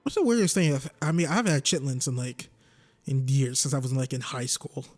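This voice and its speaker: A man's voice: mid-range voice, fairly quick, faint music behind. A man in his twenties rambling and joking as he commentates a video game. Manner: rambling, joking, talks to himself. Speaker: gaming YouTuber.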